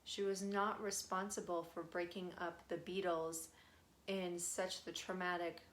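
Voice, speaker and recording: Giggly woman relaying a channeling, low voice. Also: little pitch movement, a little slow. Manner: relays messages in a chatty, giggly way with many fillers. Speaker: spirit medium. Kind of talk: live channeling session.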